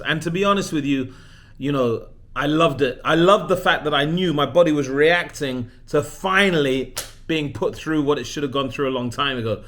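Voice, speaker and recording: A man's voice: fairly high pitch, brisk, a bit bright. A man in his forties, a leadership coach, talking casually in a personal vlog, chatty and self-deprecating, often restarting his sentences. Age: 40s.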